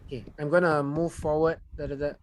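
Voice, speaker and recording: Singaporean speaker correcting grammar and pronunciation over a video call, mid pitch, bit of background noise. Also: little pitch movement, fairly quick. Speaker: language evaluator. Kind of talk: club speech evaluation.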